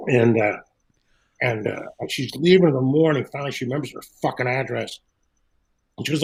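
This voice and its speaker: A man's voice: medium pitch, fast, vocal fry, pauses often, a little mellow, husky, poor audio. A middle-aged man, a guest comedian in a casual chat, telling rambling road stories, swearing freely and acting out quotes.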